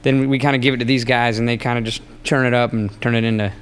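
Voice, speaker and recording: A man's voice: medium pitch, little pitch movement, racing, clean tone. A male musician, a guest on a studio talk show, chatting loosely and rambling with lots of fillers. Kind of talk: casual interview chat. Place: local TV studio.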